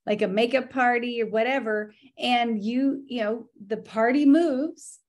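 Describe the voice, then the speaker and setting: A woman's voice: fairly high pitch, measured pace. A woman hosting a casual team video call, talking in a gushing, enthusiastic, chatty way.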